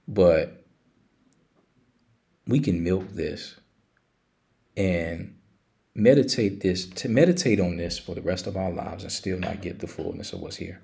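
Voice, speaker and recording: A man's voice: low-pitched, gravelly, a little mellow. A man reading scripture aloud and explaining it in a Bible study discussion. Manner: reads scripture slowly, then explains.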